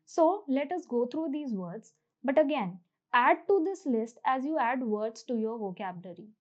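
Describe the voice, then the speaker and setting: A woman English teacher giving an online pronunciation lesson, speaking slowly and carefully and drilling word lists for listeners to repeat. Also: sits high, a little mellow, dull audio.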